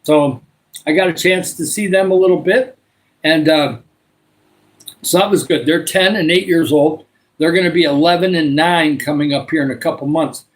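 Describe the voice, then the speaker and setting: A man's voice: on the high side, moderate pace, low-quality recording. Chatty Michigan man hosting a livestream. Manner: rambling, many filler uhs. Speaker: livestream host. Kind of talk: casual live chat with viewers.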